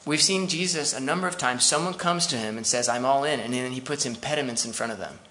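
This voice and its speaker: A man's voice: mid-range voice, fast, pushed and bright, a little hiss or hum. A man preaching a sermon as pastor, conversational and full of asides to the congregation.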